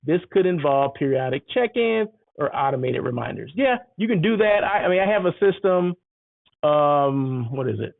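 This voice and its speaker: A man hosting a casual monologue, telling an animated story and acting out both sides of the exchanges. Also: on the high side, moderate pace, creaky, dry recording. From United States. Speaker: host. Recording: tinny phone-like sound.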